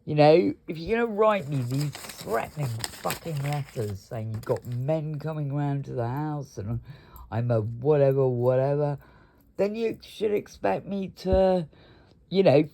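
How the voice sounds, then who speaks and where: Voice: medium pitch, animated, a little slow, mellow. A vlogger, rambling and ranting to camera, swearing often and laughing between complaints.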